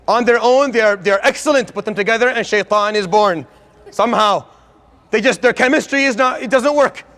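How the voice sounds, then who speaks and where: A man's voice: high voice, a bit bright. A man giving an earnest religious lecture, speaking emphatically and getting worked up as he urges his listeners. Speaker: Islamic lecturer.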